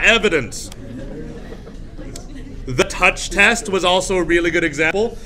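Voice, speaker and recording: A male teacher giving a classroom lecture, animated, often jumping into high shrill voices to act out scenes. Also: unhurried, long pauses. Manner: animated, acts out shrill voices of frightened girls.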